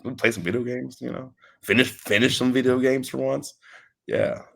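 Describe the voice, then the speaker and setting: A man with vocal fry and a medium-pitched voice speaks at a moderate pace as an interview guest. A wrestling trainer, he spins animated, rambling stories in casual chat, with restarts and acted-out quotes.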